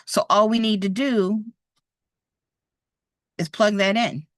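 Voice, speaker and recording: This is a woman with a medium-pitched, steady voice who speaks at a slow pace, captured in a dry, studio-quality recording. Her live online lesson covers real estate exam math, and she works problems out aloud while drawing, staying patient and encouraging.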